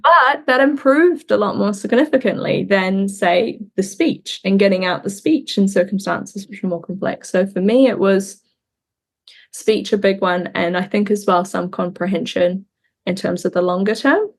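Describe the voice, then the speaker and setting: A young woman from New Zealand, a guest in an interview, speaking earnestly and reflectively about her own experience. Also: medium pitch. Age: young adult. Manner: reflective, earnest, pauses and restarts while recounting. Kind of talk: candid conversational interview.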